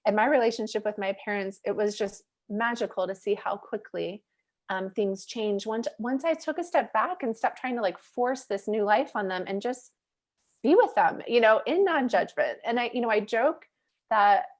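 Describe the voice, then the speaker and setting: A woman guest on a podcast interview, telling a candid personal story in an animated, chatty way full of "like" and "you know", laughing easily as she goes. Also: a little high, normal speed. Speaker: guest, mindset coach and facilitator.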